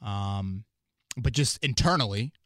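A man hosting a casual sports podcast, talking in an animated, rambling way with many fillers and restarts. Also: fairly low pitch, slow, no room sound, studio quality. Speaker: podcast host and team analyst.

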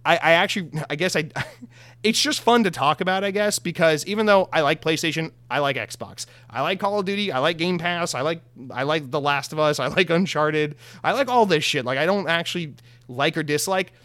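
Young guy ranting about console wars, swears a lot, slightly high voice, dry sound. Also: expressive, brisk, a bit bright, no room sound. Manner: heated, profane, sarcastic mock voices. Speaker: gaming news commentator. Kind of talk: casual opinionated commentary.

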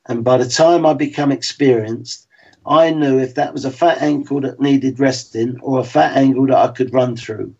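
A man in his sixties, a former footballer, talking frankly and in a measured way as an interview guest. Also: mid-range voice, fairly even intonation, a little mellow, husky. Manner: frank and plain-spoken, measured. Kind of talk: reflective interview talk. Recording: slightly dull lo-fi sound.

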